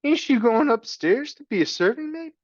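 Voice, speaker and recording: A man reading a storybook and voicing a rough, uneducated young serving girl in a high, whiny voice. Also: lively intonation, normal speed, no echo, highs cut off.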